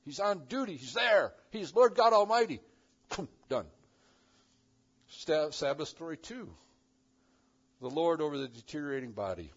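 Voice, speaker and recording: A man preaching a sermon as pastor, swinging between loud emphatic lines and hushed ones. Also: on the high side, lively intonation, normal speed, long pauses, breathy edge, muffled recording.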